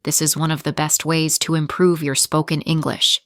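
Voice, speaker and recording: A woman English teacher narrating a story for learners, slow and deliberate with careful articulation. Her voice sits somewhat low for a woman. The recording is dry and close, with no room sound. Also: flat delivery, a bit bright, dry recording.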